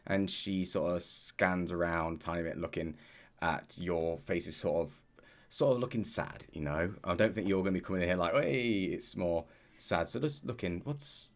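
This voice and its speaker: Setting scenes for his tabletop players, a man acting as dungeon master narrates in a measured manner, often using fillers. He has a deep voice.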